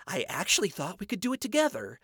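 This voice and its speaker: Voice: mid-range voice, huge pitch swings, fast talker, fairly bright tone, husky, no room sound, clean studio sound, pitched above the performer's own voice, exaggerated voice. A narrator voicing a cheerful, earnest young demon princess who talks in an upbeat, encouraging way, in a storybook reading.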